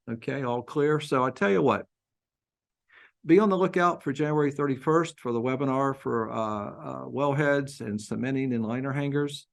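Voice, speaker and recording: Man, webinar host, businesslike, measured delivery, video call audio. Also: medium pitch, vocal fry. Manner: measured, businesslike, wraps up with announcements. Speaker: webinar host, industry analyst.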